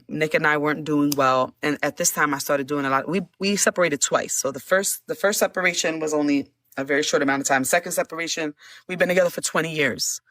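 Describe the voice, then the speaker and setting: A middle-aged woman telling her testimony as a guest, animated, repeating words and laughing often. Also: low voice, dry recording. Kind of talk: emotional storytelling.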